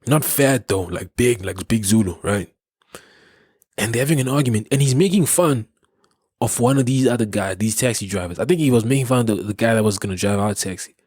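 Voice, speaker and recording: A man's voice: lowish voice, lively intonation, a little fast, a little mellow, breathy edge, no echo, studio quality. A young South African man hosting a podcast, telling a story in a rambling way with many restarts and frequent laughs. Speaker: podcast host. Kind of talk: casual storytelling.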